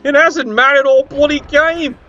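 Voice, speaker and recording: A man commentating a game, sarcastic and excitable, swearing often. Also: very high voice, a little slow, dull audio, background noise. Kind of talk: tabletop video game commentary.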